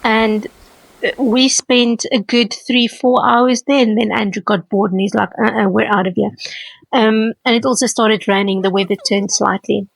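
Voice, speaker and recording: A middle-aged South African woman narrating a casual travel vlog voice-over from home, warmly gushing about plants she loves. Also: medium pitch, fairly even intonation, normal speed, creaky, no room sound, low-quality recording. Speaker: travel vlogger. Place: seated at home, recording voice-over.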